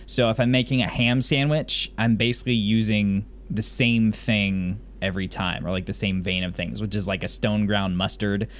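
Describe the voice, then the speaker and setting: Podcast co-host, male, rather low voice, from the South, rambling storyteller. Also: fairly even intonation, normal speed, few pauses, fairly bright tone, a little hiss or hum. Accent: lost Southern US accent, mostly general American. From Mississippi, US South. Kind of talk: casual chat recapping a TV episode.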